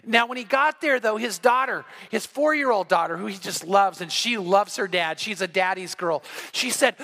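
A man's voice: sits high, lively intonation, normal speed, hardly any pauses, pushed and bright. A man pastor giving a sermon, telling a story with animation and acting out the quoted voices. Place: church sanctuary.

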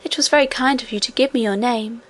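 A woman voicing a curious, eager little girl princess in a storybook, asking quick questions in a raised voice. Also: on the high side, close to an everyday voice.

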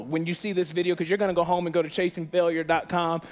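A man preaching as a guest pastor, telling a funny story in a lively way and acting out the people in it. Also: racing, hardly any pauses. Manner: animated, acts out quoted voices with big pitch jumps. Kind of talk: storytelling sermon.

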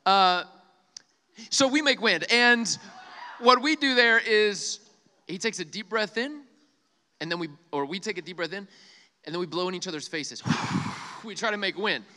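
A young man giving a retreat sermon, joking with the crowd and leading soft breathing prompts. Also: high voice, normal speed, pauses often. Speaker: youth speaker. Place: large hall with live audience. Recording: long hall reverb.

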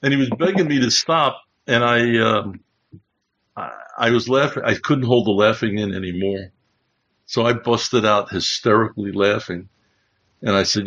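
A man hosting a Bible livestream as a chaplain, telling rambling stories with many restarts. His voice sits low and comes out husky. The audio is dull and lo-fi. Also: normal speed, fairly bright tone. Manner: rambling, restarts, chuckling as he recalls. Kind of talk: casual anecdotal storytelling.

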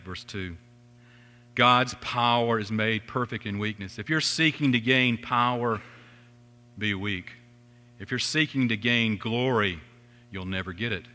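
A middle-aged man preaching a sermon as a pastor, earnest, lifting his voice on questions and sinking low when quoting scripture. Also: pushed and bright. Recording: long reverb of a large hall.

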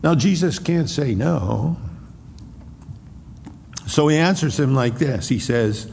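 A man preaching an expository sermon, acting out the Bible dialogue in a raised voice and dropping to a hushed tone on solemn lines. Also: mid-range voice, lively intonation, slow pace, creaky, pauses often, big-room sound, a little hiss or hum. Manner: acts out the dialogue between Pilate and Jesus in a raised voice. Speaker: pastor.

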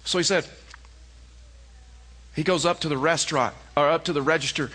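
A man's voice: fairly high pitch, fairly even intonation, normal speed, pushed and bright. A male pastor giving a sermon, telling stories conversationally and then pressing his points with emphasis. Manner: conversational storytelling that rises to emphatic preaching.

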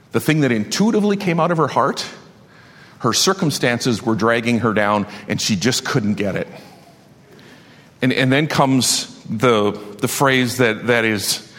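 A man's voice: medium pitch, slow, fairly bright tone, in a large hall. A man preaching a sermon as pastor, passionate and building to emphatic declarations.

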